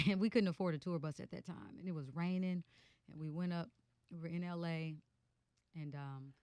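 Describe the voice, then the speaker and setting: Low-voiced woman telling stories on radio. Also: normal speed, smooth, no room sound. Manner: animated storyteller, many fillers. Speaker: guest musician. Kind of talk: casual radio interview chat. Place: radio studio.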